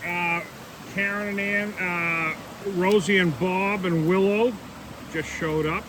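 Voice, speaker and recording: A man with a fairly high voice talks casually to a handheld camera while prospecting outdoors. He is chatty and easygoing. Rushing river water fills the background. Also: steady tone. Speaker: vlogger, gold prospector. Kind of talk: casual outdoor vlog narration. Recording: loud river noise outdoors.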